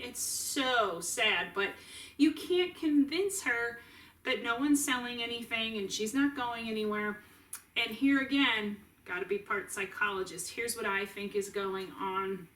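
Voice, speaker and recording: Chatty middle-aged woman, bright and roomy. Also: medium pitch, far from the mic. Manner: chatty and earnest, with frequent restarts and asides. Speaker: family caregiver vlogger. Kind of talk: casual storytelling to camera. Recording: roomy echo, voice set back from the mic.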